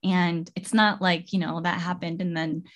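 A woman's voice: lowish voice, little pitch movement, moderate pace, fairly bright tone, muffled recording. A young adult woman in a casual, heartfelt conversation, telling a personal story in a rambling way full of fillers and restarts.

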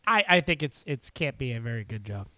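A man's voice: mid-range voice, sing-song, brisk, pushed and bright, dry recording. A man co-hosting a comedy podcast, teasing and playful, often laughing at the stories. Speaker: podcast co-host, radio morning show host. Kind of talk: casual comedic podcast banter.

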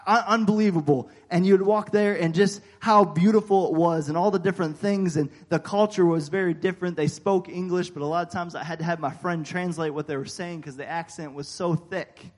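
American preacher guy, slightly high voice, chatty storytelling sermon, lots of uh and amen. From United States. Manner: folksy, animated storytelling with frequent "uh" and "amen". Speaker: pastor.

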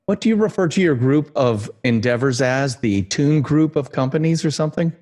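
A man's voice: mid-range voice, normal speed, a little mellow. An American man hosting a podcast interview, chatty and joking, with rambling asides. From United States. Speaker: podcast host. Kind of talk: casual interview chat.

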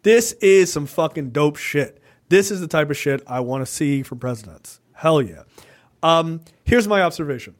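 A slightly high male voice moves at a moderate pace as he co-hosts a podcast. His casual political talk is profane and animated, drifting around with lots of "right?".

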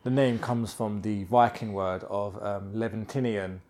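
Brief: mellow-voiced male co-host, dry deadpan humor in loose commentary chat. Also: fairly low pitch, measured pace. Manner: deadpan, tells mock-serious made-up facts. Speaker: guest co-host. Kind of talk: casual film commentary chat.

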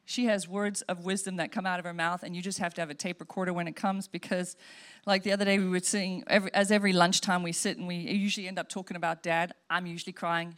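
A woman pastor preaching an expressive sermon, shifting between soft, tender passages and emphatic ones. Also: on the low side.

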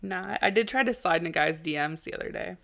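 A woman's voice: fairly low pitch, fast talker, vocal fry, fairly bright tone. A woman co-hosting a casual podcast chat, dry and teasing. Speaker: podcast co-host.

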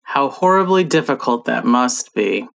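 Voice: mid-range voice, lively intonation, measured pace, vocal fry. An American co-host welcoming a guest and asking questions in an eager, appreciative way. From United States. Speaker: podcast co-host.

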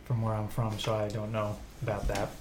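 A man playing a tabletop role-playing game, teasing the others in a lively, casual way. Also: on the low side, brisk, crowd noise. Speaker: player. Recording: echoey room with loud noise and clicks.

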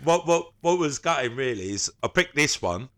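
A man's voice: mid-range voice, expressive, moderate pace, a bit bright. A man, a podcast co-host telling stories in casual, slangy chat and laughing often.

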